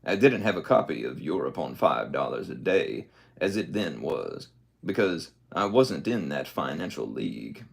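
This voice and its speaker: A man reading a book aloud in a relaxed way, breaking off now and then with joking comments. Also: rumbling low, moderate pace, creaky. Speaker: reader. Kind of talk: casual book reading with asides.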